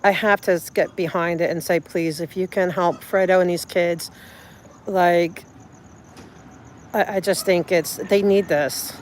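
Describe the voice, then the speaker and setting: Outdoors at night, recorded on a phone, a streamer reads viewer comments and chats casually, rambling effusively and often starting over. The medium-pitched voice is steady in tone and unhurried, with slight background noise.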